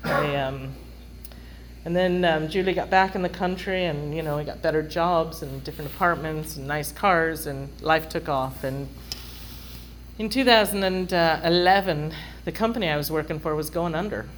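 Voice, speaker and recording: Middle-aged woman, wry storyteller, chatty, slightly low voice, faint background hiss. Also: moderate pace, low-quality recording. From London. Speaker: speaker sharing a recovery story. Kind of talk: humorous personal storytelling.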